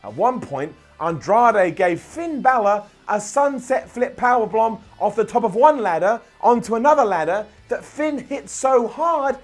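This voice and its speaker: A young man with a high, bright-edged voice, delivering an opinionated recap in an animated, sarcastic way. Light music plays underneath his voice. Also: a little slow, hardly any pauses. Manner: sarcastic, animated, jokey asides. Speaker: wrestling show reviewer.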